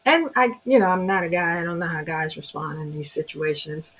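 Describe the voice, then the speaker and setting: A woman with a low, slightly bright voice talks a bit fast as she offers heartfelt relationship advice directly to the camera. She's emphatic and keeps repeating "you know" and "oh my goodness."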